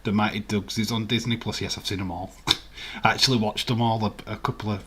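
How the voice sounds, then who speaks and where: A man's voice: fairly low pitch, steady tone, fairly quick, a bit bright, slightly rough. A man hosting a live stream, chatting casually and rambling while he answers viewer comments and laughs often. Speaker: livestream host. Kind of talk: casual live watch-along chat.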